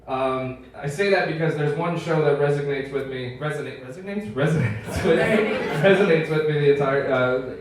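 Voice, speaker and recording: High-voiced profane stand-up comic in an echoey club. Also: male voice, moderate pace, few pauses, crowd noise. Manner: laughing through punchlines, profane. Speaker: stand-up comedian. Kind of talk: stand-up set. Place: comedy club stage. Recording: echoey club mic from far off, loud room noise.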